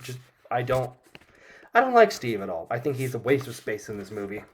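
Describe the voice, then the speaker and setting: A man talking through a film in a casual commentary, recapping scenes as he goes. He is opinionated and frank. His pitch sits in an ordinary middle range. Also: sing-song, a little fast, slightly rough. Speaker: film reviewer.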